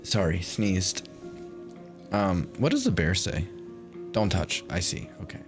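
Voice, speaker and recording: A man's voice: low-pitched, big pitch swings, slow pace, soft background music. A man streaming a game, chatting casually with a wry, profane manner. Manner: wry, profane, swearing freely. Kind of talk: casual gameplay commentary.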